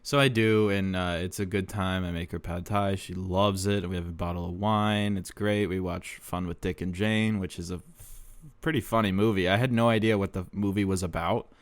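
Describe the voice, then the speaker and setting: A man's voice: low-pitched, fairly even intonation, moderate pace, no room sound. A young man hosting a podcast, telling a rambling, profane, self-deprecating story and laughing often. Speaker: podcast host. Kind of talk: casual storytelling monologue.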